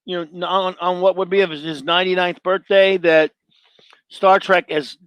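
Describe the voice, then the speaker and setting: Higher-voiced middle-aged man, blunt. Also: steady tone, moderate pace, fairly bright tone, clear, resonant tone, dry recording. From Louisiana. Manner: blunt and opinionated, rambling with restarts. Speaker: show host. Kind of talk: casual live-show monologue, answering chat.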